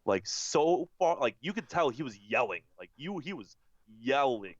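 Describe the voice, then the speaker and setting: A man's voice: medium pitch, very animated, moderate pace, highs cut off. A young man telling a long rambling story in casual chat, swearing freely and saying "like" over and over. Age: young adult. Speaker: podcast co-host.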